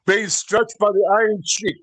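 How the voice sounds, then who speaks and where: A middle-aged man with a fairly high, husky voice, guesting on a podcast. He rambles through backstage anecdotes, chuckling as he goes. The sound is close and dry. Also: level tone, moderate pace, a bit bright, dry recording, rough recording. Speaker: professional wrestler, guest. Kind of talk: casual storytelling interview.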